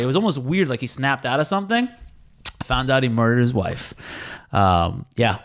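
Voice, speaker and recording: A man's voice: fairly high pitch, expressive, fast talker. Rambling storyteller man, podcast host. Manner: rambling storyteller, laughs mid-sentence. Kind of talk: casual chat.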